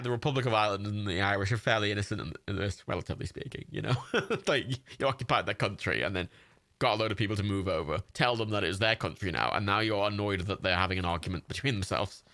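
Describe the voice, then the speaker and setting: A man's voice: on the low side, bright, forceful tone, no echo. Rambling young man on a livestream. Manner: rambling, laughing, frequent fillers and restarts. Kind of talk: casual livestream chat while gaming.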